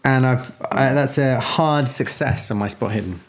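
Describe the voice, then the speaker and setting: A man's voice: medium pitch, normal speed. A man playing a tabletop game, asking about rules and dice in a matter-of-fact way. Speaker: player.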